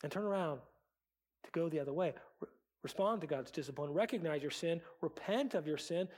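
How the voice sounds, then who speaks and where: A man's voice: fairly high pitch, a little fast, a little mellow. A man preaching a sermon as pastor, earnest, acting out quoted prayers and excuses.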